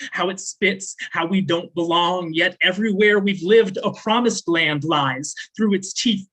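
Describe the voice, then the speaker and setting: Bright-voiced man reciting spoken word. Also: on the high side, low-quality recording. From American South. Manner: measured, deliberate recitation with chatty, filler-laden asides between poems. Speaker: slam poet. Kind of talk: spoken word poetry performance.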